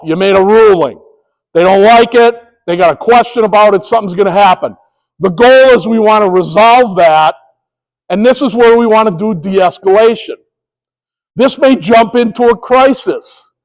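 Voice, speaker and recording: A middle-aged man with a fairly high voice presents a conflict-management training to sports officials. He talks like a former cop telling stories, slipping into the voices of the people he quotes as he teaches. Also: big-room sound, low-quality recording. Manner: storytelling, animated, acts out quoted dialogue.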